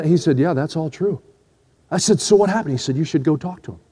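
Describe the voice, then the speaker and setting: A man's voice: a little high, expressive, quick pace, warm tone, slightly rough. Earnest preacher man in a reverberant hall. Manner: earnest, pleading, acts out quoted dialogue. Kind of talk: sermon with storytelling.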